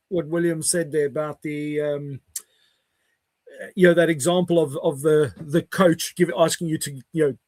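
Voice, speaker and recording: A man's voice: fairly high pitch, darkish tone, no room sound. A man hosting a casual panel talk, speaking in an earnest, reflective way. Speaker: host.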